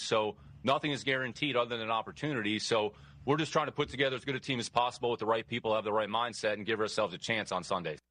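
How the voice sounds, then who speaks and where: A man speaking as a football team executive at a press conference, measured and steady. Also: fairly low pitch, no room sound, low-quality recording. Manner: measured, steady, stock phrases.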